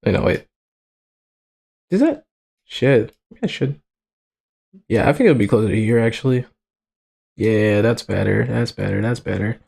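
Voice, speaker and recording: A man's voice: fairly low pitch, moderate pace, vocal fry, long pauses, breathy edge. A young man streaming live in casual commentary, talking in slang with lots of swearing and frequent laughter. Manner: slangy, profane, laughs often, excitable. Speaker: livestreamer.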